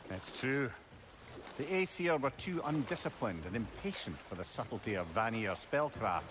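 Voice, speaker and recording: An actor playing a wise, talkative old advisor who lectures in a wry, chatty way in a video game. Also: male voice, mid-range voice, big pitch swings, normal speed, natural voice. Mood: explaining. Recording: game audio with boat and water noise.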